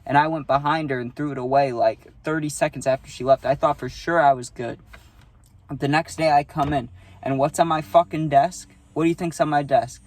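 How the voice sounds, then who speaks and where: A man's voice: a little high, fairly even intonation, brisk, a little mellow. A young adult man telling a casual storytime, rambling and profane, often tagging on "right?".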